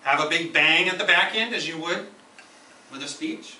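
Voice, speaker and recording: Man at the lectern, emphatic teacher type, bright voice, taped from the back of an echoey room. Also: fairly high pitch, moderate pace, slight background noise. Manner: emphatic, instructive, repeats key phrases. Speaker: speaker at a speaking club meeting. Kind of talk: prepared educational speech. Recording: echoey room, camera from far off.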